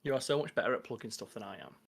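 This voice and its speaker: A man with a Scouse accent chats on a podcast at an ordinary middle pitch. He rambles through jokey anecdotes in a relaxed, conversational way. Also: rapid-fire, vocal fry, slightly rough. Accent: Liverpool (Scouse). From England. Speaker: podcast co-host. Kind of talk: casual podcast chat.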